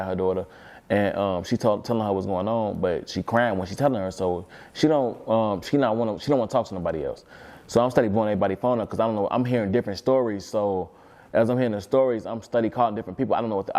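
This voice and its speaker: A man's voice: on the low side, quick pace, warm tone. A man talking as an interview guest, telling a long story in a rambling, repetitive way and swearing freely.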